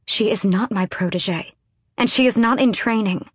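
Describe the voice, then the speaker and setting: A woman's voice: mid-range voice, normal speed, husky, no room sound, studio quality, pitched above the performer's own voice, lightly acted. A woman voicing a proud young courtesan, now pleading urgently, in an audiobook.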